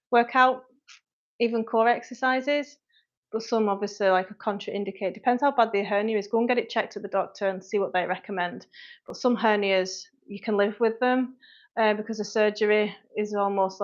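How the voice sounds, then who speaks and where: A woman, a personal trainer answering viewer questions on a live stream in a frank, chatty way. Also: mid-range voice. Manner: frank, chatty, quick asides to commenters. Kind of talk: livestream Q&A, reading viewer comments. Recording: dull lo-fi livestream audio.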